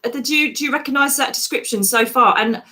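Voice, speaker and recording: A woman's voice: sits high, fairly quick. Chatty woman giving psychic readings. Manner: warm, calls viewers darling, chatty. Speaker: psychic medium host. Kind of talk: live psychic reading chat.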